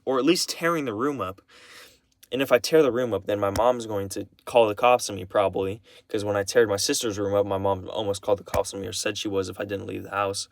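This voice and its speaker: A man's voice: lowish voice, brisk, fairly bright tone, no room sound, studio quality. A young man speaking in a personal confessional vlog, agitated and rambling, swearing often and restarting his sentences again and again.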